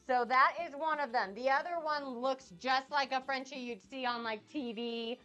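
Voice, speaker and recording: A young woman getting over a cold, chatting excitedly with viewers on her cooking live stream. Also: sits high, normal speed, soft background music. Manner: bubbly, gushing and excitable. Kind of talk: casual live-stream chat.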